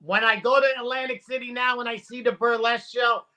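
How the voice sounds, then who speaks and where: Male comic, high bright voice, loose swearing anecdotes that act out the people in them. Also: a little fast. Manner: animated, profane anecdotes acting out other people. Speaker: comedian. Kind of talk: casual storytelling chat.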